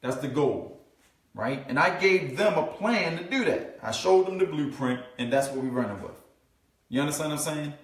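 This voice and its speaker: A man's voice: on the high side, big pitch swings, normal speed. A middle-aged man giving a motivational business coaching talk, emphatic and preachy, with casual slangy grammar and a constant "you know what I'm saying". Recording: roomy and distant from the mic.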